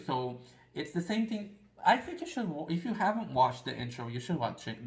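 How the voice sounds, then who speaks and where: A man's voice: mid-range voice, roomy sound, poor audio. A man giving a casual pick-a-card tarot reading, talking in a rambling, confessional and self-deprecating way.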